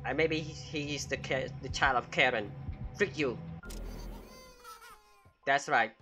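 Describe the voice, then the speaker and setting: A man's voice: medium pitch, pushed and bright. A man giving jokey, casual commentary while playing a game and talking back to it with frequent exclamations. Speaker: gamer.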